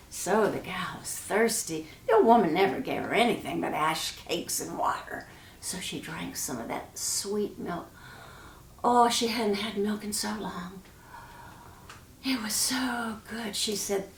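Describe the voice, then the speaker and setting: A woman telling a folk tale in a slow, homespun, intimate way, as a storyteller. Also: mid-range voice. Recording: roomy echo.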